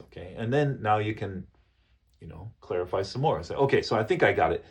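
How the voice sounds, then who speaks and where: A man coaching business English, explaining phrases patiently and repeating each example slowly with frequent checks like "okay?". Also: lowish voice, animated. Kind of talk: business English lesson to camera.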